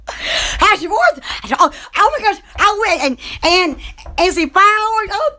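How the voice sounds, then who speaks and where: A woman's voice: very high voice, sing-song, takes it slowly, pushed and bright. A woman hosting a casual livestream, chatting in a giggly, rambling way. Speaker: channel host.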